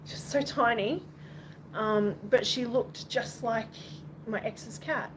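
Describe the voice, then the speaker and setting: A young woman with an Australian accent talks slowly and loosely on a home livestream. She wanders through her thoughts and swears casually. A steady wash of background noise sits under her voice. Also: on the high side. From Western Australia. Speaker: livestream host. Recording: noisy background.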